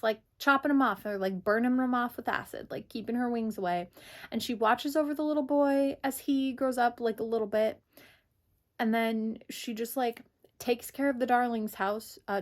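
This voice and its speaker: A young woman giving a casual, chatty book review, full of "like" fillers. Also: on the high side.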